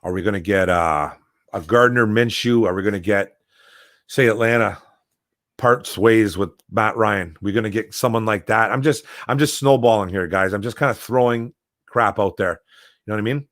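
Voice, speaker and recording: A man's voice: lowish voice, moderate pace, a bit bright, dry recording. Ranting man on a dry mic. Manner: heated, ranting, repeats "man" and "bro". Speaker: sports talk show host. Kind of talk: casual ranting sports talk.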